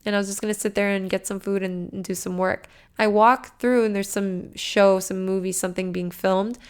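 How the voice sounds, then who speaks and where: A woman hosting a podcast, delivering a casual, animated motivational rant with frequent swearing, jumping between loud bursts and hushed asides. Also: medium pitch, moderate pace, clean tone. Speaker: podcast host.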